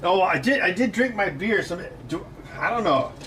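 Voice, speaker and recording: A man's voice: high-pitched, lively intonation, normal speed, fairly bright tone, recorded from a distance, slight background noise. Self-mocking man chatting while he builds. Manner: self-mocking, joking, trying impressions. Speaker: host. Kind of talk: casual livestream chat while building.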